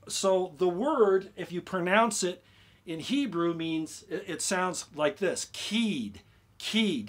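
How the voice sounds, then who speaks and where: This man's voice is fairly high as he talks through explanations on a relaxed YouTube live stream. Excitable and repetitive, he constantly asks his audience "okay?".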